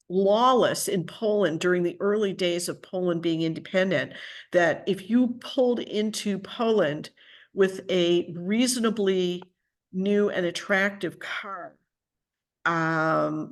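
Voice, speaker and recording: An older woman, an author, telling a personal story at home in a lively, chatty way and acting out what people said. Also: on the low side. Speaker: author and guest speaker. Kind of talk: conversational storytelling talk.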